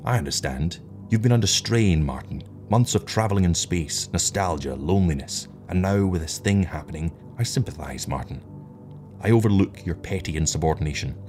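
A man's voice: low voice, animated, a little fast, darkish tone, faint music behind. A man voicing a stern, skeptical spaceship captain who speaks in a curt, dismissive way. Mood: condescending.

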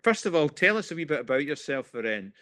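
A man's voice: fairly high pitch, sing-song, quick pace, a bit bright. A man hosting a church-related interview podcast, speaking with repeated restarts. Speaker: podcast host, church minister.

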